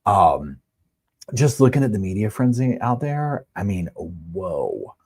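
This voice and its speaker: A man's voice: on the low side, sing-song, slow pace, a little mellow, breathy edge. A man hosting a live true-crime stream, chatting casually, greeting viewers and reading out comments and statements.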